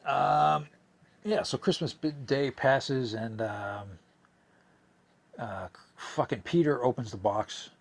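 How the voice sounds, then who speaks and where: A man's voice: on the low side, slightly rough. A young man hosting a podcast, telling a story in a rambling, profane way, a bit drunk and slurring. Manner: rambling, profane, with many fillers and restarts. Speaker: podcast host. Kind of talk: casual storytelling monologue.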